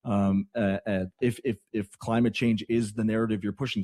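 A man from Canada hosting morning radio, talking in a chatty, rambling way with excitable asides. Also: on the low side, moderate pace, no room sound, studio quality. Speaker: radio host.

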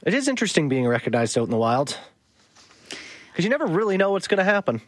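Male radio co-host, husky voice with a lively, swinging pitch, teasing and wry, dry close sound. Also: quick pace. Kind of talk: casual radio chat.

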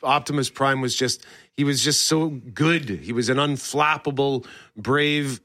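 Guy hosting a pop culture chat, excited and rambly, bright voice, dry sound. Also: mid-range voice, measured pace, no echo. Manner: enthusiastic and rambling, with restarts. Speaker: show host. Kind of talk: casual entertainment talk.

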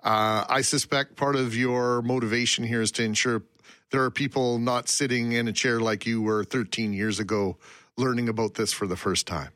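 Man, radio host, dry close studio sound, measured questions. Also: mid-range voice, steady tone, a bit bright, no room sound. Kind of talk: radio interview.

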